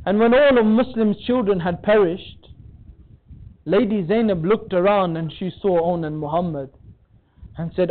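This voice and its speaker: A man delivers a mourning sermon in a very high, strained register, his narration swelling into a wailing, tearful chant. The recording is thin and tinny, as if heard over a phone line, with the low end cut away. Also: moderate pace. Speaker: majlis speaker. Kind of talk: mourning sermon with lamenting recitation. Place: community centre hall.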